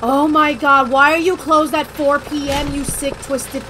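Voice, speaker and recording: A woman hosting a casual co-op gaming session, goofy and excitable, joking around with friends over a voice chat mic. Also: sits high, a little slow, hardly any pauses. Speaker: let's play host. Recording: noisy background hiss.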